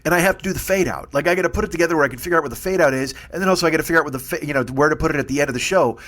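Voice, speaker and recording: A man's voice: on the high side, very fast, a bit bright. A man in his forties hosting a solo comedy podcast from home, ranting and rambling with constant swearing. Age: 40s. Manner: profane, rambling rant. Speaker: podcast host. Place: home studio. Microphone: studio mic with earbuds.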